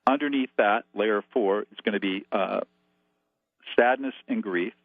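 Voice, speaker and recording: Over a tinny phone connection, a man with a lowish voice explains things step by numbered step as a guest expert. His delivery is unhurried and instructive, and the recording is dry.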